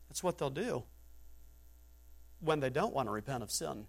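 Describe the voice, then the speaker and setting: A man preaching a sermon as pastor, fervent and rhetorical. He drops to low asides and then rises to exhortation. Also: expressive, normal speed, vocal fry, long pauses.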